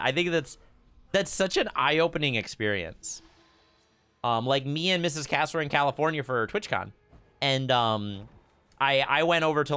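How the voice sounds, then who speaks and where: A young Michigan man chatting to his stream during a card game has a fairly high, sharp yet smooth voice. He often stammers and repeats words, and the recording is dry.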